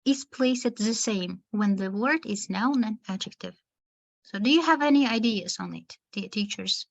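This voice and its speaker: High-voiced woman teaching in an online webinar. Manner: slow, deliberate, pausing between words to model stress. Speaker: teacher trainer.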